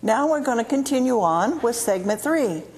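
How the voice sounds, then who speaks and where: A woman with a Midwestern American accent hosting a TV ministry and teaching from the Bible, earnest, slowing down and repeating key words of scripture. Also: fairly high pitch, expressive, darkish tone, slightly rough. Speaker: TV ministry host. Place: TV studio.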